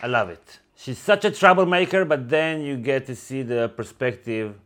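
A man's voice: medium pitch, normal speed, fairly bright tone, a faint crowd. Chatty man co-hosting a book talk. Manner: enthusiastic, chatty, with many fillers. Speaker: book discussion co-host. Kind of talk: casual chat, reading a novel aloud.

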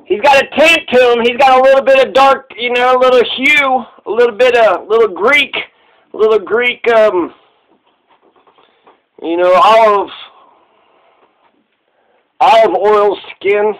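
A man's voice: very high voice, measured pace, pauses often, fairly bright tone, low-quality recording. A man giving casual, rambling commentary in a sarcastic, repetitive way.

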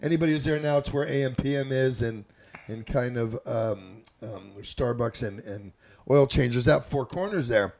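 A man's voice: medium pitch, normal speed, creaky, a little mellow. A man from Northern California telling a loose, rambling, profane story in a casual chat. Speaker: storyteller guest.

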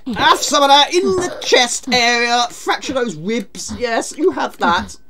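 A woman streams a retro game, chatting casually, poking fun at herself, and greeting viewers by reading their chat messages aloud. Her voice is on the high side and slightly bright, with a little hiss or hum in the audio.

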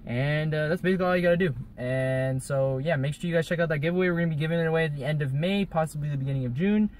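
A man's voice: on the high side, rapid-fire, darkish tone, a little hiss or hum. A young man hosting a vlog, telling a rambling casual story with many fillers and swearing. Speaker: vlog host.

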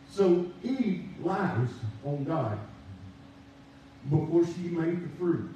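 A man preaching a sermon, drawing out his emphasis and pausing for responses from the congregation. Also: on the high side, animated, mellow, a little hiss or hum. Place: church sanctuary. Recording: echoey church from a distance.

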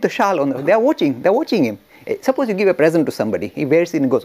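Animated, gravelly male storyteller. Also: a little high, rapid-fire, hardly any pauses. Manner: animated, laughing, frequent restarts. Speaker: religious studies teacher. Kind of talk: storytelling lecture.

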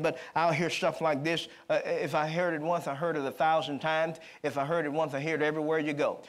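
Emphatic high-voiced male preacher. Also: flat delivery. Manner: rising to emphatic call-and-response, then quick conversational storytelling. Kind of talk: sermon. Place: church service.

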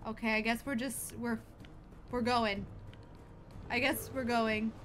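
A woman's voice: fairly high pitch, flat delivery, unhurried, a bit bright. A woman streaming a game live, thinking aloud with wonder and gasping when startled. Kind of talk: casual live gameplay reaction. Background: game music.

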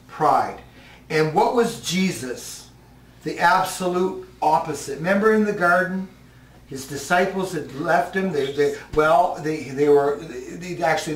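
Preacher man echoing from a distance. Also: a little high. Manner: conversational, asks the congregation questions. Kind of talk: sermon. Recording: roomy hall from a distance.

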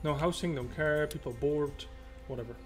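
Male let's play host, slightly high voice, rambling self-talk over loud game music. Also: moderate pace. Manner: rambling, talks to himself and the game. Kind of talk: casual gameplay commentary.

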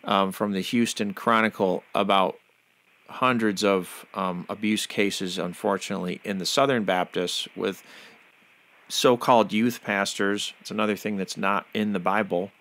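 A man's voice: on the low side, steady tone, moderate pace, a bit bright. A man hosting a podcast interview, who talks in a fervent, preachy way and often uses religious phrases. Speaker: podcast host.

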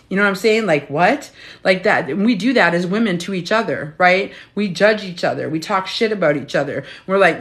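A blunt woman in her fifties talks straight at the listener like a coach fired up about her cause. She is profane and preachy, tossing in "right?" again and again. Her voice sits a little low for a woman. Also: animated, normal speed, a bit bright. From United States. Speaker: weight loss coach. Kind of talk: casual motivational talk.

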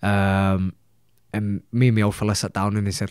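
A man's voice: on the low side, level tone, moderate pace, a little mellow, clean tone, no room sound, studio quality. A young man with a Leeds accent, a boxer telling his story as a podcast guest, blunt and swearing constantly. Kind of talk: casual storytelling.

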